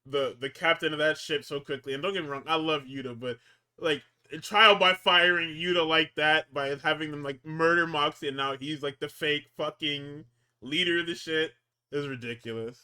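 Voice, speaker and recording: With a fairly high, sharp, yet smooth voice at a moderate pace, a man co-hosting a podcast recaps wrestling shows. The chat is casual and rambling, full of constant cursing, stumbles, and restarts.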